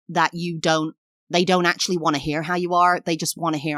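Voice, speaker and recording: An English woman in her thirties speaks on her solo podcast in a candid, thoughtful way. Her voice sits fairly low, recorded close in a dry room. Now and then she lifts into bright, sing-song quoted voices. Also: steady tone, normal speed, no room sound. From England. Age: 30s. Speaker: podcast host. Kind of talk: personal solo podcast talk.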